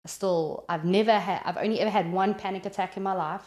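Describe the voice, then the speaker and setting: A South African woman telling a personal story in an animated, chatty way, with many "like" fillers, as a podcast guest. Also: medium pitch, quick pace, echoey room.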